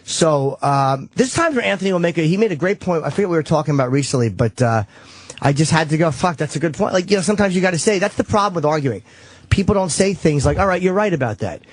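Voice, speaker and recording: A man's voice: fairly high pitch, lively intonation, fast talker, no room sound. A man hosting a radio show, talking casually and profanely, often restarting his sentences. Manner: rambling, self-correcting, profane. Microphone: studio microphone.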